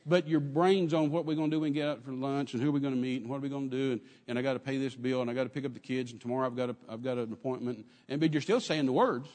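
A man preaching a sermon in an animated way, acting out quotes and dropping at times to a soft murmur. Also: mid-range voice, rapid-fire, hardly any pauses, big-room sound. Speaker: pastor.

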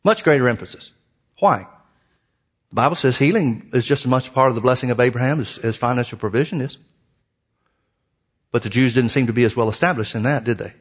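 A man preaching a sermon in a folksy, animated way, full of rhetorical questions. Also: medium pitch, brisk, long pauses, slightly rough.

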